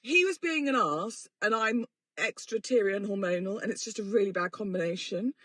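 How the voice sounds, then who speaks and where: A woman's voice: mid-range voice, expressive, fairly quick, a bit bright, dry recording. A woman, hosting a podcast in a rambling, self-mocking and sweary casual chat. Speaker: podcast host. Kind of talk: casual chatty monologue.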